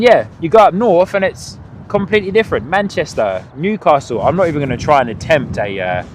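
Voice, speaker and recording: A man hosting a live plane-spotting stream outdoors, chatting with viewers and laughing often. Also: medium pitch. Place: outdoors by an airport on a cold windy morning. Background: wind and outdoor ambience.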